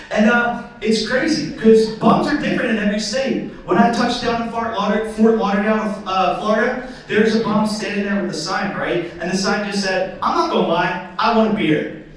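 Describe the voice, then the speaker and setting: A man's voice: high voice, steady tone, normal speed. A young man doing stand-up comedy, telling stories in a casual, rambling way. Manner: casual, storytelling, filler-heavy. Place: theatre stage. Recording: echoey theatre, voice from a distance.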